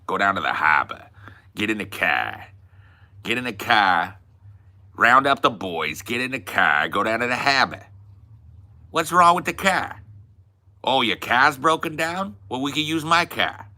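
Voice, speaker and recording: A man's voice: medium pitch, sing-song, a little slow, long pauses, pushed and bright, voice pushed up, heavily acted. A man putting on a Boston accent, playing a bossy working-class local barking orders. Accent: Boston (put on).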